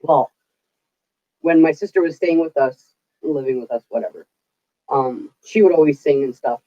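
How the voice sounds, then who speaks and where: A woman's voice: deep voice, normal speed, warm tone, muffled recording. A middle-aged woman telling stories in casual chat, chatty, laughing often and swearing casually. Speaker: vlogger.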